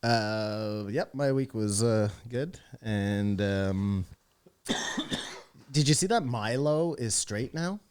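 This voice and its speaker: A man's voice: on the low side, expressive, very slow, clean tone. A man co-hosting a podcast, chatting casually, ranting and joking with his friends. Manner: joking, ranting, apologetic asides. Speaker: podcast co-host. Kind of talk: casual chat.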